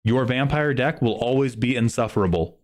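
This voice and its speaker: A man streaming live in casual chat, joking loosely with some swearing and excitable bursts. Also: mid-range voice, normal speed.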